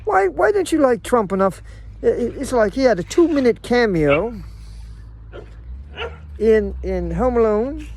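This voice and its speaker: A man's voice: extremely high pitch, very animated, unhurried, creaky, long pauses, darkish tone. A middle-aged man vlogging in a casual, rambling monologue, with frequent stammers and restarts.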